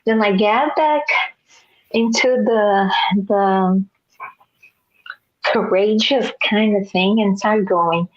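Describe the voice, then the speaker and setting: A woman's voice: mid-range voice, slow pace, pauses often. A woman speaking in a mid-range voice, telling a story with lots of feeling and laughing along the way. The sound is dull and lo-fi, like audio from a video call. The talk is a loose, casual chat. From Nebraska, US. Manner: storytelling, animated, laughing often.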